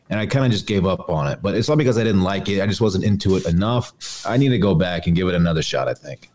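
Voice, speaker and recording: A man's voice: fairly low pitch, darkish tone. A man co-hosting a sports podcast, chatting in an easygoing, teasing way. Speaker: podcast co-host. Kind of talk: casual chat.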